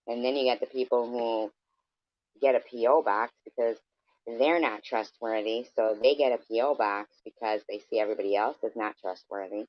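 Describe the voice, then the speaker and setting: A man's voice: medium pitch, steady tone, moderate pace, dry recording. A man ranting in a scornful, profane, rambling way, as a vlogger talking casually to his viewers. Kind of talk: casual rant. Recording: dull, dry lo-fi recording.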